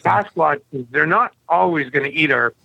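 Gravelly, bright-voiced blunt storyteller man. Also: a little high, animated, moderate pace, no echo, highs cut off. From Canada. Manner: blunt, rough-edged storyteller. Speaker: podcast guest. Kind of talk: casual storytelling interview.

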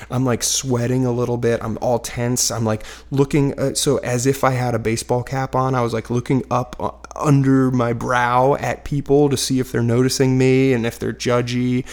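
A man's voice: medium pitch, a little mellow. A man in his thirties casually telling a personal story from his couch at home, rambling and self-deprecating with lots of fillers. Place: living room couch at home, dog barking nearby.

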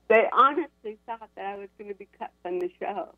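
American woman in her sixties, animated storyteller, laughs often, tinny dry phone line. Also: medium pitch, a little fast, no room sound. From United States. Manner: animated, laughs between sentences. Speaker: guest, actress and comedian. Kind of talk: storytelling in a radio interview. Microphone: telephone.

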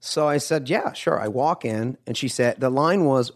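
A man who is an actor, a podcast guest telling anecdotes in a casual, animated way and acting out the lines of people in his stories. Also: medium pitch, normal speed. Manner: animated storyteller, acts out quoted lines. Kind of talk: casual interview chat.

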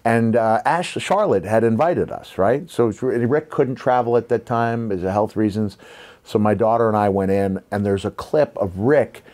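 A man in his fifties with a slight New York accent tells stories on a podcast. His voice sits on the low side. He is reflective and rambling, and he leans on fillers as he talks. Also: moderate pace, a little mellow. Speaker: podcast host, former wrestler. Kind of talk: casual storytelling chat.

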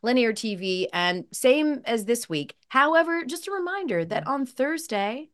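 A woman hosting a podcast, telling stories in a lively, animated way with acted-out quotes. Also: a little high, a little slow. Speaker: podcast host. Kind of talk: casual chat.

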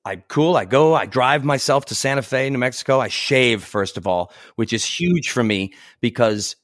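A man's voice: mid-range voice, moderate pace, a bit bright, no echo, clean studio sound. A middle-aged man, an actor, telling casual stories in a chatty way, laughing often and acting out what people said. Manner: chatty, laughs often, acts out quoted voices. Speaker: actor guest. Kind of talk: casual anecdotal storytelling.

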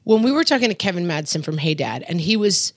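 Animated woman podcast co-host. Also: fairly low pitch, quick pace, no room sound, clean studio sound. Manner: animated storyteller, acts out kids' voices. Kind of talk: casual chat.

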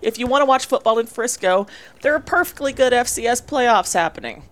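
A woman co-hosting a casual chat, quick-witted and slipping into mock-announcer bits. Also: on the high side, lively intonation. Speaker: co-host.

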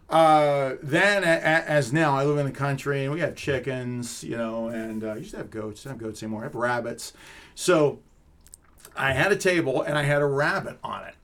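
A middle-aged man, a comedic magician, telling animated stories in an interview and laughing often. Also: medium pitch, moderate pace. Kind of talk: casual storytelling in an interview.

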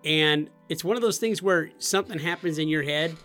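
A man from Nebraska co-hosting a podcast, telling animated stories and laughing as he talks. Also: fairly high pitch, fairly quick, faint music behind. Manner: animated storyteller, laughs while talking. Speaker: podcast co-host. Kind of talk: casual storytelling chat.

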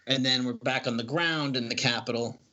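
A man's voice: medium pitch, fairly quick, sharp tone, lo-fi sound. A man casually reading through a comic book and describing its panels, hesitant and full of fillers. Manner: rambling, hesitant, many fillers.

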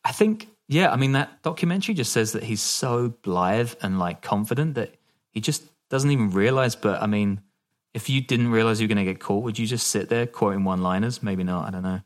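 Man, podcast host, lowish voice, casual storytelling, laughs a lot. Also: a little fast. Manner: laughs often, loose and joking.

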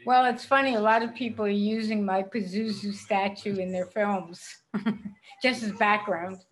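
An older actress in a casual interview, a chatty storyteller who laughs often. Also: female voice, mid-range voice, steady tone, moderate pace, rough recording. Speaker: actress guest.

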